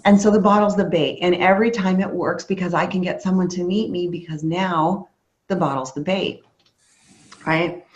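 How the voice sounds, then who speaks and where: A woman with a lowish voice gives a sales training talk to a crowd, telling a story and acting out the people in it. The recording sounds dull and lo-fi. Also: moderate pace. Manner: storytelling, acts out lively quoted dialogue. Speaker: training speaker.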